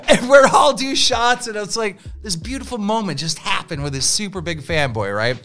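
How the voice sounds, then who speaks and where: A man's voice: sits high, lively intonation, unhurried, bright, forceful tone, faint music behind. A man telling a story on a podcast in casual chat. He swears freely and acts out the people he quotes.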